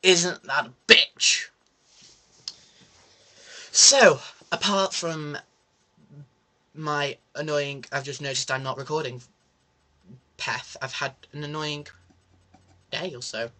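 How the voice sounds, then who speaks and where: A man's voice: fairly high pitch, slow pace, pauses often. A young man telling a story in a casual vlog, ranting sarcastically about a bus trip. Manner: animated, sarcastic ranting with mock French asides. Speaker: vlogger.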